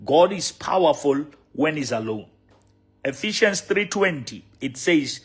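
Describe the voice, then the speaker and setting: Emphatic Sesotho-accented preacher, high husky voice. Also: male voice, animated, unhurried. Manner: emphatic preaching, repeating key phrases, counting words out. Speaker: bishop. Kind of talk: sermon.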